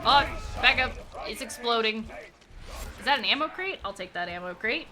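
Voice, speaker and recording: A woman's voice: a little high, lively intonation, normal speed, a crowd in the background. A young adult woman streaming a game live, chatting casually, swearing freely and yelping when startled. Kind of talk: casual chat while gaming live.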